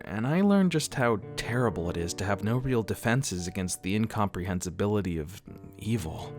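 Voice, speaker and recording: A man narrating a first-person horror story in a dramatic, wry scripted telling. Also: on the low side.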